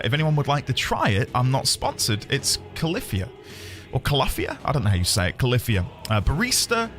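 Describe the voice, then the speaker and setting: A man in his thirties with a fairly bright, higher voice streams a game live. He chats casually with viewers, rambling and poking fun at himself.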